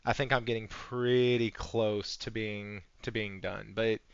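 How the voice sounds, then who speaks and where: A man hosting a casual gaming podcast, relaxed and agreeable, with a teasing edge. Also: fairly low pitch, a little slow, gravelly, clean tone, dry recording. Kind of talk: casual chat. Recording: slightly dull, lo-fi stream audio.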